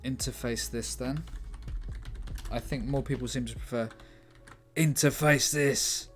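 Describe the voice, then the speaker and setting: A man's voice: mid-range voice, level tone, moderate pace, darkish tone, faint music behind. A man casually brainstorming aloud on a livestream, thinking through options, trying out lines and answering his chat. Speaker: livestream writer.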